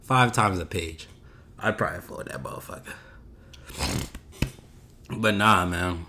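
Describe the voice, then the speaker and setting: A man's voice: low-pitched, measured pace, bright, forceful tone, slight background noise. Laid-back rambling male podcaster. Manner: laid-back, rambling, slangy, drifts off topic. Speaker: podcast host. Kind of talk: casual solo podcast chat.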